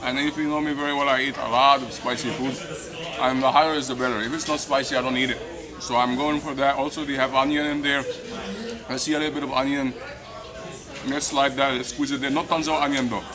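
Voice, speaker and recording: A middle-aged man eating and reviewing a meal, effusive and a little hoarse from hot pepper. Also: medium pitch, little pitch movement, fast. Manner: enthusiastic, repeats "delicious" and "beautiful". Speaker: food vlogger. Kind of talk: casual food review while eating. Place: busy restaurant, indoors. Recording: noisy restaurant with crowd chatter. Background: crowd chatter.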